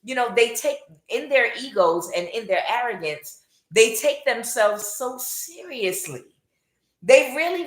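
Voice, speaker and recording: A woman's voice: medium pitch, animated, unhurried, echoey room. A woman giving a casual tarot reading, mocking and scolding, with many filler uhs. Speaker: tarot reader.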